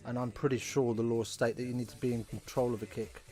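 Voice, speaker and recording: A man's voice: medium pitch, flat delivery, fast, a little mellow, faint music behind. Chatty man hosting a watch-along. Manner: chatty, rambling, wry asides. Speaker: host of a live rugby watch-along. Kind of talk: casual live watch-along commentary. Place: at home.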